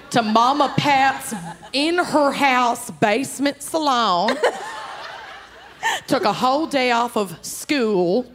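A woman with a Texan accent co-hosting a live comedy podcast, telling stories in a playful, hammy way. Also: fairly high pitch. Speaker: podcast co-host. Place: live stage before an audience.

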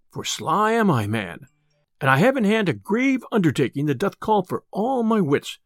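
A boastful, hot-tempered tinker , as a storyteller puts him on, bellowing his archaic threats and jests in a storybook reading. His voice swings widely from low grumbles to loud bursts, and the recording is close and dry. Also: no echo. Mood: hearty. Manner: blustering, loud archaic speech.

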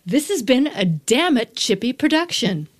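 A woman's voice: fairly high pitch, normal speed. A woman co-hosting a podcast, gushing and chatty in casual conversation. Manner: animated, gushing, lots of mm-hmms. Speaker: podcast co-host. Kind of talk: casual chat.

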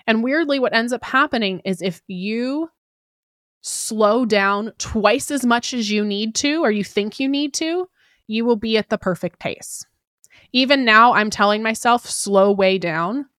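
A woman hosting an advice podcast, talking quickly and casually and often checking in with "right?". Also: medium pitch, fairly bright tone, dry recording, clean studio sound. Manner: quick, chatty delivery with frequent "right?" tag questions; fillers like "like" and "kinda". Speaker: podcast host giving job-interview advice.

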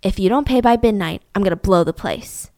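A woman doing a low, hushed threatening caller. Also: fairly quick, no echo, clean studio sound, lightly acted. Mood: menacing. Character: menacing male caller making threats.

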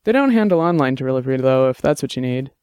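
A friendly young cop, easygoing and quick to laugh, as a man reads him. The voice is smooth and resonant, placed close and dry in an audiobook. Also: mid-range voice, lively intonation, a little mellow, no echo, natural voice.

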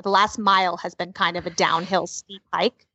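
A woman telling a personal story in casual chat, vivid and animated, with frequent swearing. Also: lowish voice, moderate pace, husky, no echo, lo-fi sound. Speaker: podcast co-host telling a story.

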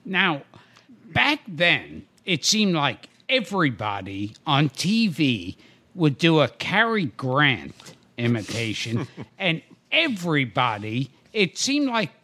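A male podcast host asks questions slowly and eagerly. His voice is bright and his pitch swings widely, and he lingers on his words. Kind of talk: interviewing a guest.

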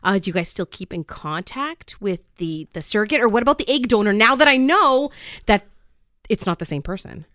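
A woman hosting a parenting talk show, chatting casually with her guests and telling stories with animated emphasis. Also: mid-range voice, a little fast, no room sound, studio quality. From Canada. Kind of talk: casual interview chat.

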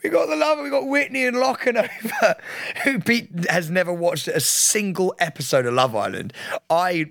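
A young man co-hosting a podcast, his pitch swinging widely as he tells an animated story between bursts of laughter. His tone is bright and slightly raised, and the recording is dry and close. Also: moderate pace, gravelly, no room sound. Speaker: podcast co-host. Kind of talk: casual banter.

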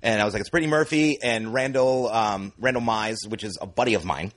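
A man's voice: fairly low pitch, a little fast, a bit bright. A man guesting on a podcast, telling a long rambling story in casual chat. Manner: rambling storyteller, many fillers.

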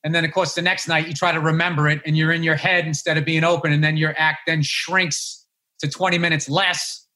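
A man's voice: a little high, little pitch movement, fairly quick, sharp tone. A middle-aged man, a guest comedian on a casual podcast, ranting and telling stories in a worked-up way.

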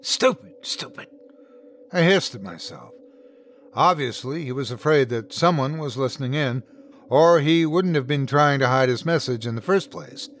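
A man hosting and narrating a scripted horror story in the first person, with lively shifts in tone. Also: medium pitch, moderate pace. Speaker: host and narrator.

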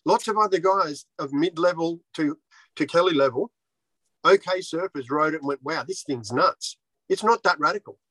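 A man's voice: on the high side, normal speed, a bit bright, no echo, rough recording. A man who designs surfboards, talking bluntly and swearing freely in a casual interview. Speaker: surfboard shaper.

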